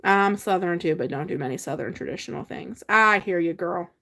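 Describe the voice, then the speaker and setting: A woman from Pennsylvania hosts a casual livestream, chatting with viewers, reading their comments aloud, and laughing often. Her voice is lowish and fairly bright with vocal fry, and her pace is brisk.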